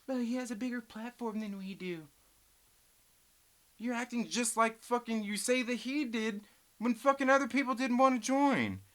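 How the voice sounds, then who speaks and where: A man hosting a live stream, ranting and swearing heatedly while reading chat comments. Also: moderate pace. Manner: swings between loud outbursts and low muttering.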